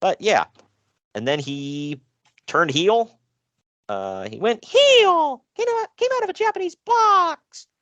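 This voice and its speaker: A man's voice: high voice, very animated, takes it slowly, sharp tone, no echo, dull audio. A man hosting a casual podcast, reading out wrestling news with jokes and frequent laughs. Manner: jokey, self-deprecating, laughs often. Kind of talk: casual chat.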